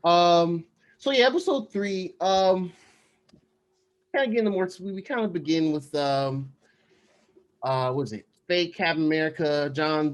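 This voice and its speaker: A man co-hosting a podcast, casually recapping a TV episode in a loose, rambling way with lots of slang and fillers. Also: a little high. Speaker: podcast co-host. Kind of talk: casual chat.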